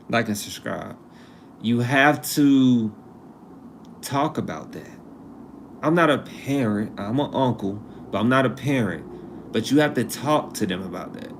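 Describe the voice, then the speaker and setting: A man's voice: mid-range voice, a little hiss or hum. A man hosting a live stream, talking in a loose, conversational way, drifting off topic and repeating himself for emphasis. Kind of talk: casual live-stream talk.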